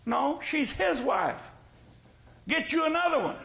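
A man's voice: very high-pitched, lively intonation, a little slow, vocal fry, pauses often, pushed and bright, poor audio. A male pastor preaching a sermon in a folksy, joking way, with emphatic repetition.

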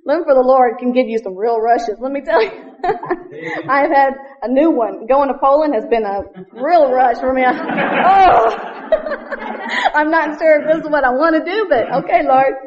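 Woman, fairly high voice, earnest missionary testimony with frequent laughs, muffled lo-fi recording. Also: moderate pace, a crowd in the background. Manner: earnest, laughs often, quotes scripture in King James wording. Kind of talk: church testimony. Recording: dull lo-fi recording.

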